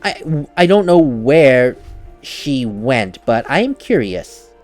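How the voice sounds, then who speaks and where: A man's voice: mid-range voice, big pitch swings, takes it slowly, a little mellow, soft background music. A man giving casual gameplay commentary as a let's play host, chatty and laughing at himself, at a desk mic at home.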